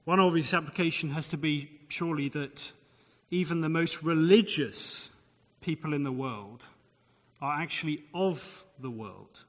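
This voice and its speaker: A man's voice: fairly high pitch, a little slow, a bit bright. A man preaching a sermon, explaining scripture with conversational asides and rhetorical questions. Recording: long hall reverb.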